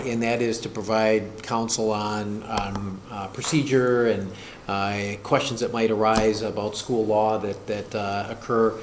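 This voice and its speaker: A man with a fairly low voice speaks at a board meeting, hesitant and full of fillers and restarts. The room is echoey, and steady noise sits behind him. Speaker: school district administrator. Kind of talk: meeting discussion. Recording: echoey room, noisy, far mic.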